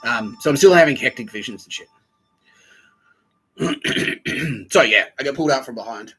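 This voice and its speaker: A man's voice: medium pitch, expressive, moderate pace, fairly bright tone, slightly rough, soft background music, poor audio. A man hosting a podcast, talking in a rambling, profane solo monologue and acting out quotes in voices. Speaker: podcast host.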